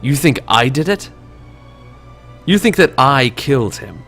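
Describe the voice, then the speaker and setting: A man's voice: medium pitch, animated, measured pace, a bit bright, voice pushed up. A man voicing a defensive male barkeeper who protests and fires back indignant questions, with light background music.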